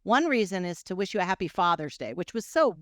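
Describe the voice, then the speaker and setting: Animated middle-aged woman telling a story. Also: quick pace, no room sound, studio quality. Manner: animated, acts out quoted dialogue with big swings in pitch and loudness. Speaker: guest coach. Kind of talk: personal storytelling in a podcast interview.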